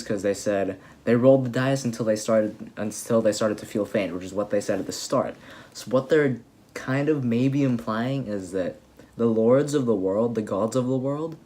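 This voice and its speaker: A young man casually recapping an anime episode, rambling and excitable with lots of fillers and restarts. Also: lowish voice. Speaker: anime reviewer.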